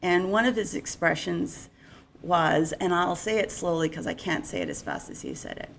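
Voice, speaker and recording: A woman's voice: on the low side, huge pitch swings, moderate pace, vocal fry, fairly bright tone, a little hiss or hum. A middle-aged woman giving an unscripted, conversational conference presentation on insurance. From Canada.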